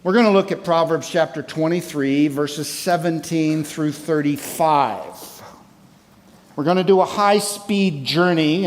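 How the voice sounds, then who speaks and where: Male conference preacher, emphatic and methodical, raised pitch, reverberant sanctuary sound. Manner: emphatic, enumerating points, reads scripture aloud. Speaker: conference speaker. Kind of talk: sermon. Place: church sanctuary. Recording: long hall reverb.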